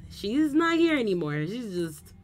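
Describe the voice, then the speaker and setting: A woman streaming a game, reacting with excitable, exclamatory commentary. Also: on the high side, unhurried, a little hiss or hum. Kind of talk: let's play commentary.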